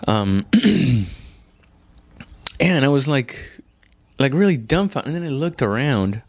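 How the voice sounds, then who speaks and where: A man, an immigrant to the United States, telling a rambling, profane, self-mocking comedy story and acting out quotes in a high voice. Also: big pitch swings, slow, a little mellow, no room sound. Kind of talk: casual storytelling stand-up.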